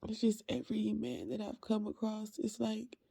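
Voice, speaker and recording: A woman, a faith ministry creator, speaking in a halting, heartfelt personal monologue with soft trailing phrases. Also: mid-range voice, completely flat delivery, gravelly, breathy edge, no echo.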